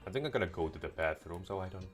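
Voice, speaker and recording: Man, low voice, sarcastic, casual gameplay commentary, profane. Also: expressive, racing, faint music behind. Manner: sarcastic, joking, swears freely. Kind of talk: casual let's-play commentary.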